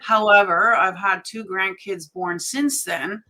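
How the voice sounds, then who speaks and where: A middle-aged woman with a bright, forceful tone, talking on a spiritual panel. She rambles candidly, stopping and restarting her sentences as she goes. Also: mid-range voice, fairly even intonation, slow. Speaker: panel guest.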